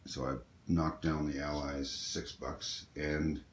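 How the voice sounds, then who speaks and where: In an echoey room with faint noise, a board game player talks casually through his moves in a tabletop strategy game, explaining as he goes with lots of ums and uhs. His voice is extremely low, slow, and nearly flat in pitch.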